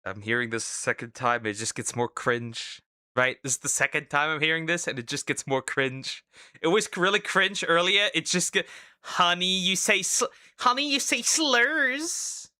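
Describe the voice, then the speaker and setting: A man's voice: medium pitch, normal speed, sharp tone, clear, resonant tone, no room sound, studio quality. A man streaming as a vtuber, reacting to online drama with casual, mocking commentary. He keeps tagging his sentences with "right?". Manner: sarcastic, mocking asides; repeats "right?" as a tag.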